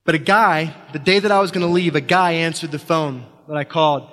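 A man telling a personal story from a stage, halting and restarting, building tension through repetition. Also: fairly high pitch, steady tone, fairly bright tone. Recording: long reverb of a hall.

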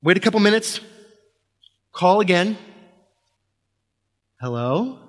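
A man telling a personal story from a stage, halting and restarting, building tension through repetition. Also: a little high, a bit bright. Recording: long reverb of a hall.

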